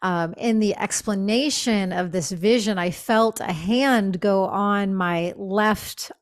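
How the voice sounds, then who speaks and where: A woman speaks as a guest on a conversational podcast and tells a personal spiritual story. Her voice sits at an ordinary middle pitch. She is earnest and reflective, and she often pauses with fillers and restarts her sentences.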